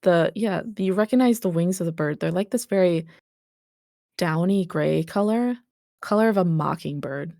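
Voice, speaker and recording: A woman's voice: low voice, creaky, a little mellow, dry recording, studio quality. A woman narrating a tabletop role-playing game as game master, describing scenes vividly and calling for dice checks.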